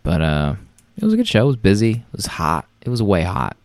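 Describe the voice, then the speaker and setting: A man with a very deep voice tells rambling stories on a casual podcast, full of restarts. The sound is dry and close, with no room around it. He sounds like a man in his thirties. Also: wildly swooping pitch, brisk, dry recording. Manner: rambling storyteller, many restarts. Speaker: podcast co-host. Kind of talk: casual chat.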